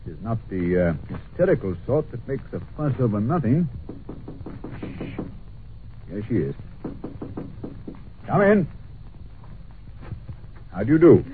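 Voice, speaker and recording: An actor playing an irritable, brilliant detective in a 1940s radio drama, talking in a testy, clipped, scornful way. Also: male voice, medium pitch, sing-song, moderate pace, long pauses, lightly acted. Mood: brisk. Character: irritable, brilliant male detective, middle-aged. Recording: scratchy lo-fi old radio broadcast.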